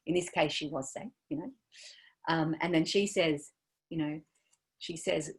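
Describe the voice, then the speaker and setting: A woman giving a dharma talk as a meditation teacher, gentle and searching, trailing off softly with many fillers. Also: low-pitched, measured pace, vocal fry, long pauses.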